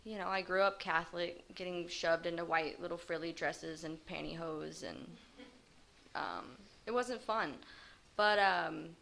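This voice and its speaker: A woman telling her life story in a personal testimony, halting and hesitant with frequent pauses. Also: on the low side, gravelly, fairly bright tone, slight background noise. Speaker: recovery group member sharing her story.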